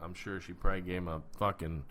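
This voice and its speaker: A man's voice: deep voice, little pitch movement, quick pace, a crowd in the background. A man co-hosting a casual TV recap podcast, talking in loose, profane banter with frequent laughs. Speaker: podcast co-host.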